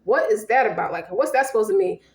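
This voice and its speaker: A woman's voice: mid-range voice, expressive, fast, a little mellow, echoey room. A woman giving a casual tarot reading in a blunt, profane way, voicing both partners in turn. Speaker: tarot reader.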